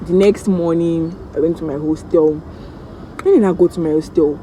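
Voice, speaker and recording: A Nigerian woman vlogger telling a story-time tale in an animated, dramatic way, acting out the voices of the people in it. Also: deep voice, normal speed, slight background noise, poor audio.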